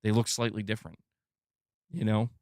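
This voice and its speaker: A man with a fairly low, fry-tinged voice talks at normal speed, recorded dry with clean studio sound. He's hosting a gaming news stream and rants casually in an animated, rambling way, full of "like" and the odd curse word.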